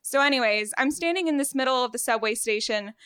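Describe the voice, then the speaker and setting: Bright-voiced young woman telling a story. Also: sits high, fast, clean tone. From Venezuela, raised in South Florida. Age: 20s. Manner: lively and self-deprecating, laughs often. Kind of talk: live first-person storytelling on stage. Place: theater stage, live event.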